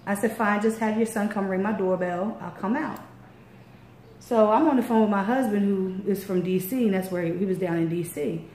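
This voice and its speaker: A woman with a Baltimore accent telling a story in casual chat as a radio interviewer, acting out quotes with big jumps in pitch. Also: normal speed, darkish tone. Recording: echoey room, faint noise.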